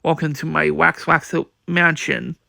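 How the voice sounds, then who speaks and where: A man's voice: fairly high pitch, steady tone, a little slow, creaky, sharp tone, no room sound, studio quality, exaggerated voice. A man voicing a smug, scheming villain in a manga read-aloud, gloating and boastful.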